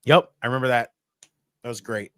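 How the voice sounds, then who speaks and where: A man co-hosting a casual wrestling podcast, excitable and profane, repeating himself for emphasis. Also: mid-range voice, fairly quick, no room sound, studio quality. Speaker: podcast co-host.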